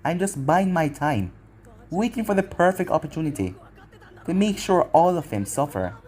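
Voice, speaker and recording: A man voicing a vengeful young ninja who taunts slowly and coldly, in a fan-made anime story reading. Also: fairly high pitch, sing-song, darkish tone. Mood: menacing. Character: vengeful young man Naruto, cold and mocking.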